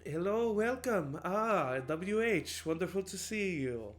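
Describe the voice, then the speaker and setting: A man voicing a gracious female tiger innkeeper with a high, sweet hostess voice. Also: sing-song, takes it slowly, soft background music, full character voice. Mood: welcoming.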